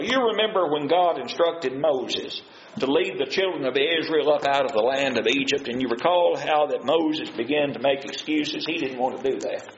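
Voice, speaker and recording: Leading a sermon-style Bible study, this man speaks in a somewhat high, slightly bright voice. His manner is earnest and folksy, putting scripture in plain words and answering his own questions to listeners. The roomy recording sounds dull, with faint noise.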